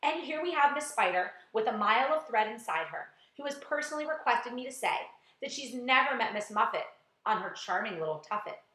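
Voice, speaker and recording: A woman's voice: on the high side, animated, a little fast, sharp tone. A woman voicing a cheerful small boy in a storybook, eager and friendly, in an echoey room.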